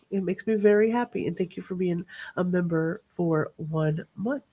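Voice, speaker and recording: A woman's voice: lowish voice, normal speed. Bubbly woman hosting a livestream. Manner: bubbly, reads out viewer names and thanks them; chatty asides while scrolling through comments. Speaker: livestream host. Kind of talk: casual livestream chat.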